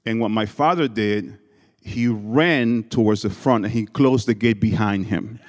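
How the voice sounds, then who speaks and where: A man's voice: on the low side, unhurried. A man giving a sermon to a congregation and telling personal stories with humor, speaking English with a non-native accent. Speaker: guest preacher. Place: church hall before a congregation. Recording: long reverb of a large hall.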